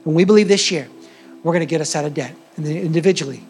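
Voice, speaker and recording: A man preaching a sermon as the church's pastor, telling a story with animated, emphatic delivery. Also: on the high side, very fast, faint music behind.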